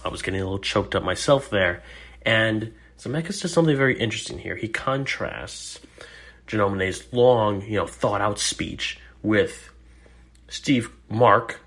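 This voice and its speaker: A man's voice: fairly low pitch, fairly bright tone, breathy edge. A man hosting a solo podcast, talking in an earnest, encouraging and wry way. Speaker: podcast host. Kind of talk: casual solo podcast commentary.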